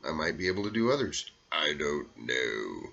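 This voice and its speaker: Deep-voiced middle-aged Southern vlogger, rambling and self-deprecating, bright tone, dull lo-fi sound. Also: male voice, very animated, moderate pace, vocal fry. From Arkansas, US South. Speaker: vlogger doing impressions. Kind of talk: casual monologue to camera.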